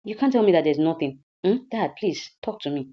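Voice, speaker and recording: A woman with a Nigerian accent voicing a daughter who gently coaxes and advises her father, in a movie recap. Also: lowish voice, expressive, brisk, dull audio. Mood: coaxing. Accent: Nigerian English. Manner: gentle, coaxing, repetitive. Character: caring teenage daughter coaxing her father.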